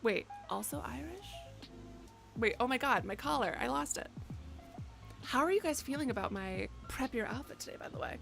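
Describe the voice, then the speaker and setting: A woman's voice: on the high side, animated, brisk, gravelly, fairly bright tone, faint music behind. A young woman streaming from her bedroom, rambling, joking and swearing a lot as she chats. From United States. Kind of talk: casual live-stream chat.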